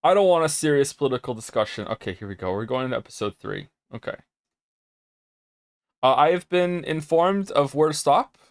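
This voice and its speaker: A young man streams with a fairly high, sing-song voice, talking a little fast as he chats casually with viewers. He rambles, reads messages from chat out loud, and at times gets flustered, all in clean, echo-free studio sound.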